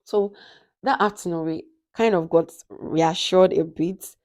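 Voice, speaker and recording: A young woman with a Nigerian accent tells a personal story to her vlog viewers, lively and animated, playing out each conversation. Her voice sits low and sounds soft and mellow. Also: measured pace. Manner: animated, acts out quoted dialogue. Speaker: vlogger. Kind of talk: casual storytelling.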